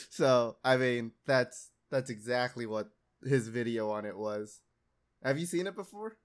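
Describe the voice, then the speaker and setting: A man's voice: mid-range voice, slow, long pauses. Laid-back young male podcast host. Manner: laid-back, rambling, laughs often. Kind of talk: casual podcast chat.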